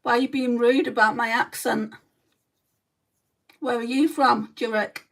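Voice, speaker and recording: A woman's voice: a little high, fairly even intonation, unhurried, gravelly, a bit bright, far from the mic. Lancashire woman doing her makeup live, blunt chatty replies to comments, a bit off mic. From North West England. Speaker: makeup livestreamer. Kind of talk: casual chat while doing makeup.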